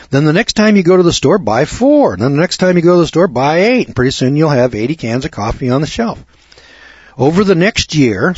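A man hosting a radio talk show rambles through a preachy monologue that builds into emphatic lecturing. His voice is fairly high-pitched and slightly rough. The audio is dull, lo-fi, and dry, like radio.

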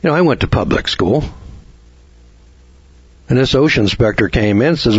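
A man's voice: mid-range voice, lively intonation, moderate pace, breathy edge, no echo, dull audio. A middle-aged man, hosting a radio lecture, who talks in a folksy way and asks lots of rhetorical questions.

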